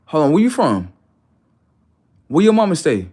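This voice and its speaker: A man doing a suspicious neighborhood man, voice pushed up high and loud as he fires off pointed questions. The delivery swings widely in pitch and stays blunt and demanding throughout. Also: huge pitch swings, normal speed, husky, heavily acted. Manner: demanding, interrogating.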